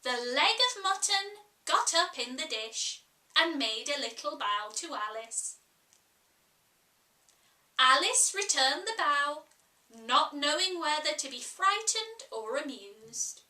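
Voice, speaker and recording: Bright, slow, expressive woman storyteller. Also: sits high, distant mic. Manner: expressive, measured. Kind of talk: reading a classic children's story aloud. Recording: echoey room, voice off-mic.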